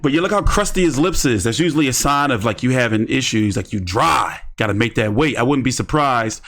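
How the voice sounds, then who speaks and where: A man's voice: medium pitch, animated, a little fast, fairly bright tone. A man giving rambling, slangy commentary on boxing during a casual live stream. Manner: rambling, slangy, talks to himself while browsing.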